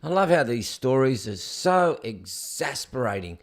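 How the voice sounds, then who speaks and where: A man's voice: mid-range voice, very animated, measured pace. A man hosting his own show, reading out news headlines and mocking them in a sarcastic, scoffing rant. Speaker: show host. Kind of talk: casual news commentary rant.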